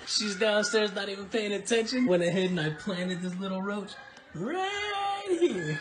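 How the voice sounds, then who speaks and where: A young man quietly explaining a prank he is playing on his sister, in a sneaky, giggly way. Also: high voice, very animated, a little slow. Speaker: vlogger's brother. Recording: noisy home recording.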